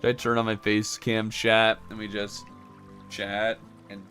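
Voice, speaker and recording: A man's voice: fairly low pitch, level tone, measured pace, sharp tone, faint music behind. A young man live-streaming a game, chatting casually and joking as he replies to his chat.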